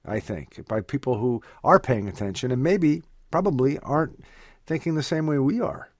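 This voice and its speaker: Man chatting as co-host, halting with lots of uhs, dry close sound. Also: medium pitch, expressive, dry recording. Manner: halting, with uh and repeated words. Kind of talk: casual conversation.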